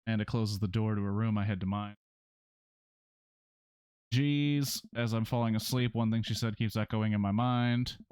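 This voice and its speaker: A man's voice: lowish voice, steady tone, moderate pace, long pauses, a little mellow, smooth, no room sound. A man streaming a story game, reading its text aloud in a casual way with sarcastic asides and free swearing. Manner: sarcastic, swears freely, breaks into rants.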